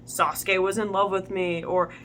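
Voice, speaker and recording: A young woman reading fan fiction aloud as host, deadpan, with wry asides and stumbles over the words. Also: medium pitch, moderate pace, a little hiss or hum. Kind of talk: reading fanfic aloud with commentary.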